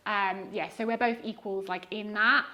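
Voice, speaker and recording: A woman's voice: mid-range voice, fairly even intonation, normal speed, pushed and bright, muffled recording, a little hiss or hum. Woman, thirties, light Scouse accent; loose, rambling guest chat full of "like" and "um". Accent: diluted Liverpool (Scouse). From Liverpool, England. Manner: rambling, many fillers and restarts. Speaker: guest eBay reseller. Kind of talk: casual podcast chat.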